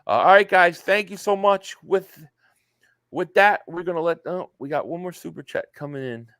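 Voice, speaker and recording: A man's voice: sits high, normal speed, fairly bright tone, no echo, clean studio sound. Chatty man hosting a sports podcast. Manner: rambling, many fillers, reads viewer messages aloud. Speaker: podcast host. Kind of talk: casual sports podcast chat.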